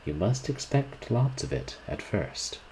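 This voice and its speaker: A man reading the lines of a friendly, easygoing young male art student in a storybook, with a relaxed, amused manner. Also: lowish voice, unhurried, slight background noise.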